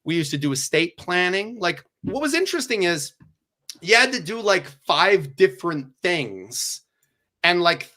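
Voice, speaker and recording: A middle-aged man with a high, bright, forward voice, talking as a divorce lawyer on a podcast. He is animated and sarcastic, swears freely, and slips into acted-out bits of dialogue to make his point. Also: unhurried. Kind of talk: casual podcast conversation.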